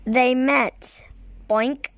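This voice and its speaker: A woman reading a children's picture book aloud in a slow, deliberate way, slipping on a word now and then. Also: high voice, steady tone. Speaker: reader.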